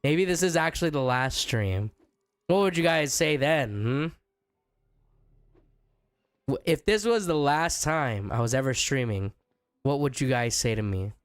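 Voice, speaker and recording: A young man streaming a game who is sick and sounds rough. He chats casually, reads chat aloud and jokes with viewers. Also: mid-range voice, animated, measured pace, pauses often, no echo, studio quality. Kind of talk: casual chat while gaming.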